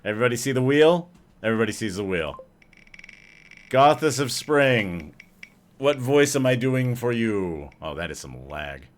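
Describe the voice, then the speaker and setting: A man's voice: mid-range voice, sing-song, moderate pace. A man streaming a video game live, chatting loosely with viewers and swearing as he jokes around. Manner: loose, joking, profane. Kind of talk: livestream gaming banter.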